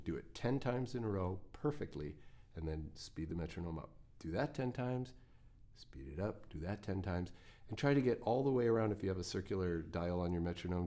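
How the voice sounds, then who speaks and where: In a low, dark-toned voice, this guitar teacher explains picking exercises. His instruction is simple and supportive, with a folksy joke here and there.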